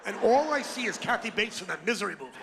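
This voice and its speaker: Man, stand-up comedian, crude and brash, high voice, rapid-fire delivery, long hall reverb. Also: sing-song, creaky, very noisy. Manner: brash, crude, crowd work. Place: comedy club stage.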